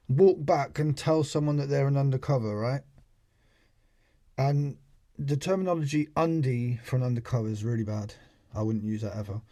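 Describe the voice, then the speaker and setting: A man's voice: a little high, mellow. Sarcastic British man commentating on a clip. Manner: sarcastic, full of rhetorical questions. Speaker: channel host. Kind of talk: casual commentary over a video clip.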